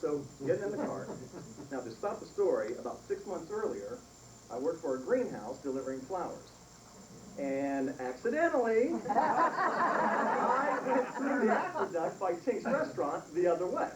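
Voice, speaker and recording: Animated man telling a story, echoey and distant. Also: high voice, moderate pace. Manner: animated storytelling with frequent laughs. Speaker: son giving a eulogy. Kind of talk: humorous storytelling at a funeral. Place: funeral service hall. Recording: echoey room from far off, noisy.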